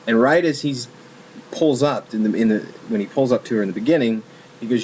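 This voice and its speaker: A man's voice: medium pitch, fairly quick, a little mellow, slight background noise, poor audio. A man casually reviewing a film, rambling with many ums and restarts.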